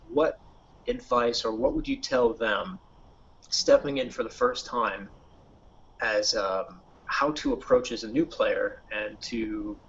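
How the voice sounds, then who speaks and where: A man who designs games, talking in a relaxed, conversational way on a podcast panel, posing questions and sharing stories. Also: mid-range voice, a little hiss or hum. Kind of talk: casual panel discussion. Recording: dull lo-fi recording.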